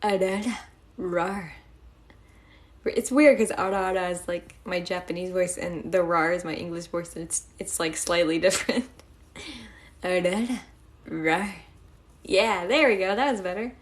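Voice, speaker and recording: A woman's voice: fairly low pitch, brisk, hardly any pauses. A young woman live-streaming, chatting casually and giggling as she thanks her viewers.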